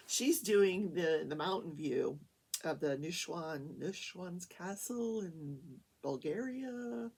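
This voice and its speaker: A woman hosts a casual crafting show from her small home studio. Her voice is husky, and her pitch rises and falls in lively swoops. She rambles from one topic to the next in a chatty, animated way. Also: a little slow. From Wichita, Kansas, USA. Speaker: host of a daily crafting talk show. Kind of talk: casual chat while crafting.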